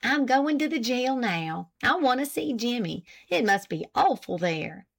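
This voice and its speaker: Woman reading as a warm, earnest young schoolteacher in a storybook. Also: fairly high pitch, big pitch swings, measured pace, gravelly, voice pushed up, heavily acted. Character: kind young female schoolteacher.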